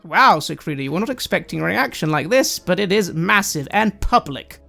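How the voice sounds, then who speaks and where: A game master narrating a tabletop roleplaying game and giving the players direction briskly. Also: female voice, fairly low pitch, animated, vocal fry, a bit bright, faint music behind.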